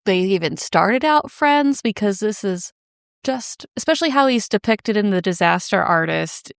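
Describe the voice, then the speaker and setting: Wry, gravelly-voiced female podcast host. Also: mid-range voice, animated, moderate pace, dry recording, studio quality. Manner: wry, amused, laughs often. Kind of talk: casual chat.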